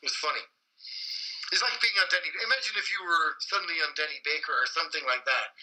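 A man's voice: a little high, quick pace, bright, forceful tone, rough recording. A man, an advertising copywriter guesting on a podcast, rambling and self-deprecating with frequent restarts and casual swearing. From Ireland. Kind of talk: casual interview chat.

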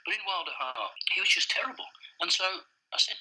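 A man in a casual interview, a blunt and animated storyteller who swears freely. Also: high-pitched, fast talker, few pauses, husky, low-quality recording. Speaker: advertising director, guest.

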